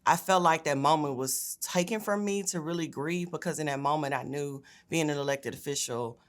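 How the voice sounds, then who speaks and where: A woman's voice: low voice, normal speed. A young woman, a state senator giving a personal testimony in an earnest, conversational way with frequent fillers. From Memphis, Tennessee.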